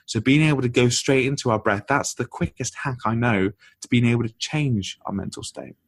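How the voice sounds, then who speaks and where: A man being interviewed as a guest author on a podcast, explaining ideas in an energetic, conversational way. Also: medium pitch, normal speed, gravelly, no room sound.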